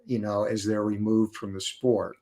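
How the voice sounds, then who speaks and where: A man's voice: fairly low pitch, level tone, moderate pace, dark tone. A man chatting as a guest, explaining sports knowledgeably with frequent "uh" and "you know" fillers. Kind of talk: casual chat.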